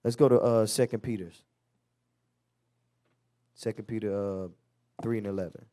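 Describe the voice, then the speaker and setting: A man's voice: fairly low pitch, fairly even intonation, moderate pace, warm tone. A man leading a Bible class in a loose, conversational preaching manner, acting out everyday quotes. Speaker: teacher. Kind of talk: street-style Bible class teaching.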